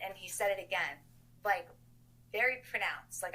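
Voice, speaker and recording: A woman, the older sister of a missing man, recounting events in an interview in an emphatic, animated way. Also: fairly low pitch, normal speed, rough recording.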